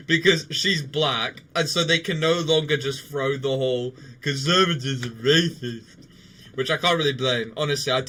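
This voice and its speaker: Bright, laughing young man. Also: mid-range voice, a little hiss or hum. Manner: laughs often, loose rambling with restarts. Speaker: livestreamer. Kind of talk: casual chat while gaming.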